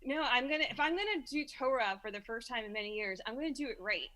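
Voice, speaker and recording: A woman's voice: a little high, animated, fast talker, pushed and bright. A woman with a Brooklyn accent, a podcast guest, chatting casually and reading scripture aloud with small stumbles and repeats. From Brooklyn, New York. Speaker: guest reader.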